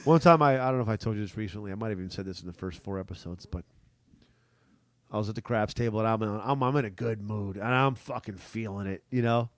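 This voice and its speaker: Excitable, clear-voiced male podcast co-host. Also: on the low side, quick pace, no room sound. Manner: excitable, profane, slips into mock voices. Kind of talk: casual chat.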